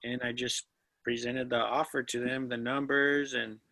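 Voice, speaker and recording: A man's voice: medium pitch, little pitch movement, moderate pace, vocal fry, bright, forceful tone, dry recording, rough recording. A man, a real estate student, telling his story as an interview guest in a hesitant, modest way with frequent restarts. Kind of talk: casual interview chat.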